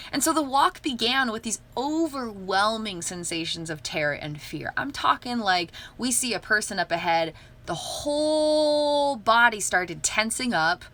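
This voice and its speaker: A woman's voice: on the high side, pushed and bright. A young woman talking casually on a livestream, earnest and upbeat, often laughing. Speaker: livestream host.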